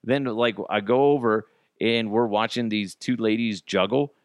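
A man's voice: fairly even intonation, unhurried, no room sound. A man hosting a casual podcast, rambling through a funny story, laughing often and acting out what people said. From Colorado. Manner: reads ad copy in a hyped pitch. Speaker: podcast host.

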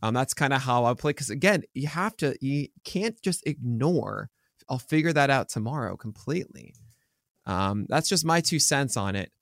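A man's voice: mid-range voice, animated, creaky, a bit bright, dry recording, clean studio sound. A man co-hosting a sports podcast, talking casually and rambling, correcting himself as he goes. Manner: rambling, self-correcting, quick to joke. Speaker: podcast co-host. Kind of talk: casual chat.

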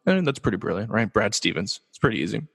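A man's voice: lowish voice, very animated, fast talker, fairly bright tone, breathy edge, long reverb tail. A man from Los Angeles hosting his own sports talk show, casual and joking, asking himself rhetorical questions. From Los Angeles, USA. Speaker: podcast host.

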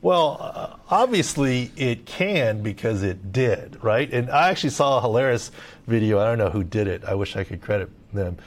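A man's voice: mid-range voice, animated, moderate pace. A middle-aged man from Southern California, giving emphatic podcast injury analysis and leaning on "look" and "right?". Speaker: sports medicine analyst.

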